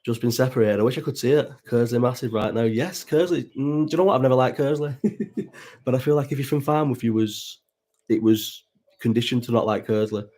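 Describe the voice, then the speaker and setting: Talking fairly quickly in a dark, medium-pitched voice, a thirty-something man from Bolton hosts a watch-along stream in his Northern English Bolton accent. He chats and rambles casually, curses freely and replies to the chat.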